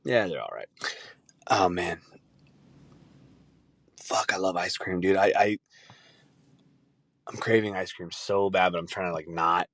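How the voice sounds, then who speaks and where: A man's voice: low-pitched, measured pace, long pauses, fairly bright tone, dry recording. A man hosting a podcast, rambling in a casual solo rant full of swearing and laughter. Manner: rambling, profane, laughing often. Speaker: podcast host.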